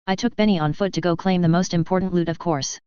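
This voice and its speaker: A narrator giving an even, wry first-person reading of a story. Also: mid-range voice, fast, clear, resonant tone, dry recording, highs cut off.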